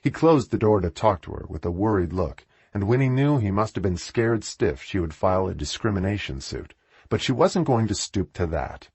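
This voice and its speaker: A man reading an audiobook in a measured, expressive way. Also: on the low side, slightly rough, no echo. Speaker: audiobook narrator. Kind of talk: audiobook narration.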